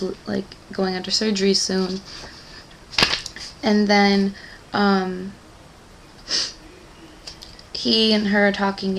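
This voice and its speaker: A woman's voice: medium pitch, vocal fry, slight background noise, low-quality recording. A young woman rambling through a casual book recap, chatty and gushing, full of "like" and "um.". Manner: gushing fan enthusiasm. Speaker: book club vlogger.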